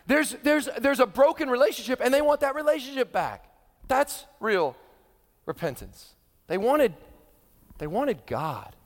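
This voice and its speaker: A middle-aged male pastor preaching a sermon, animated and acting out quoted voices with humor. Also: high-pitched. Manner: animated, acts out quoted voices, laughs with the audience. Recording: long hall reverb.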